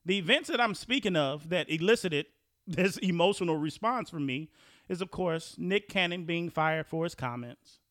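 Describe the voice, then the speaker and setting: A man's voice: on the high side, animated, normal speed, a bit bright, dry recording, studio quality. A man hosting a podcast, talking in a casual, conversational way and often restarting his sentences as he thinks. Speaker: podcast host.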